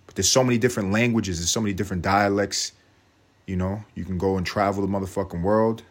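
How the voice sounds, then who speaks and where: A man's voice: low-pitched, fairly even intonation, fast. A man, from Harlem, hosting a podcast with a brash, profane, rambling comic monologue. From Harlem, New York. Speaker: podcast host. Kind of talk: comedic monologue.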